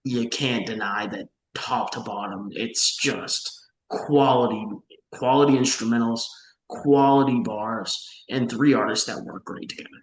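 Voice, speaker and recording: A man's voice: mid-range voice, fairly even intonation. Analytical young man in a roomy room. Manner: measured, analytical, many restarts. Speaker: podcast co-host. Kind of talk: casual music review chat.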